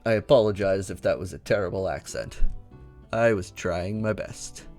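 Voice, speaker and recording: Low-voiced man mumbling gameplay asides. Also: expressive, normal speed, a little mellow, faint music behind. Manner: self-deprecating, mumbled asides. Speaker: let's play gamer. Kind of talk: casual gameplay commentary.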